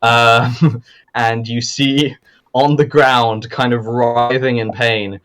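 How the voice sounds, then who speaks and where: A man's voice: medium pitch, fairly even intonation, slow pace, fairly bright tone, clear, resonant tone. Young man, game master, rambling narration, lots of ums. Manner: rambling with many fillers and laughs.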